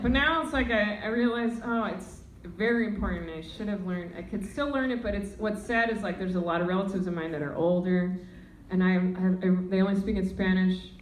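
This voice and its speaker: A young adult woman performing a stand-up comedy set, animated and slipping into put-on voices. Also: mid-range voice, fairly quick, slight background noise. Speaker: stand-up comic. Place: comedy club stage. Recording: roomy club sound from far off, loud audience.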